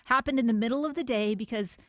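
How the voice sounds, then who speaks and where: A woman's voice: on the high side, fast talker, no echo. Woman co-host on talk radio, chatty, dry close mic. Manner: chatty, relaxed storytelling. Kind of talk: casual talk radio banter. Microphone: studio mic.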